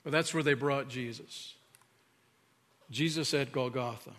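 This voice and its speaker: A man preaching a sermon as pastor, earnest, sometimes dropping to a hushed tone for emphasis. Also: medium pitch, a little slow. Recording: reverberant hall.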